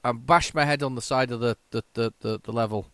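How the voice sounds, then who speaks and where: A man giving casual, excitable, self-mocking commentary while playing an old computer game. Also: medium pitch, fairly quick, no room sound. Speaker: retro game tape reviewer.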